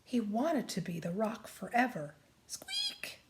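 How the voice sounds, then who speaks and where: A woman reads a children's chapter book aloud, taking her time over every line. Her pitch sits in a middle range, and she sometimes sinks to a soft whisper for quiet passages. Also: noisy background. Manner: slow, deliberate, drops to a whisper at hushed moments. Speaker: storybook reader.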